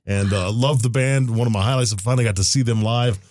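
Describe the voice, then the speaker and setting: Male radio host, middle pitch, eager storyteller, dry studio sound. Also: quick pace, no echo. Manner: enthusiastic storytelling, acts out his own past excitement. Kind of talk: casual radio chat.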